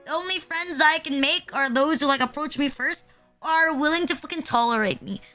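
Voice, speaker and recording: Nervous twenties woman streamer, high and bright, swears and rambles self-deprecatingly. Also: a little fast, faint music behind. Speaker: VTuber streamer. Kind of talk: casual live-stream chat.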